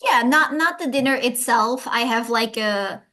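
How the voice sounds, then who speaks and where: A woman playing a tabletop game who lays out her plan in a rambling, filler-heavy way. Her voice sits a little high and stays chatty. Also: a little slow, bright, forceful tone. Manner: rambling, many fillers, lots of "like". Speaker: player. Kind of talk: planning out loud in a tabletop game.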